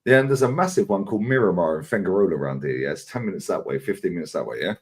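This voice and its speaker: Racing along in a low, slightly rough voice, this man in his 40s swaps stories as a regular on a fan livestream. He's animated, curses often, and performs other people's lines as he recounts them in casual conversation.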